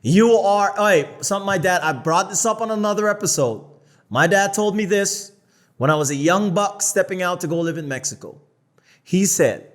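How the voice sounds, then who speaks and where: A North American man co-hosting a podcast, talking in a blunt, profane, animated way. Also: on the high side, normal speed. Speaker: podcast co-host. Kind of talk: casual podcast chat.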